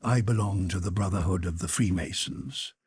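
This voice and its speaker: A man voicing a grave, severe old male Freemason who speaks in a deliberate, measured and formal way. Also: low voice, darkish tone, husky, dry recording, voice pushed down.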